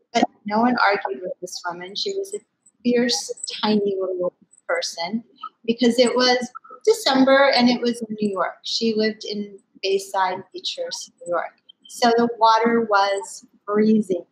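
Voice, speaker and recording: A woman in her sixties, a company founder, telling a personal story in an interview with lively, expressive delivery. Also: fairly high pitch, rough recording. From United States. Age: 60s. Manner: animated, expressive storyteller who acts out family quotes. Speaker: company founder speaking at a summit.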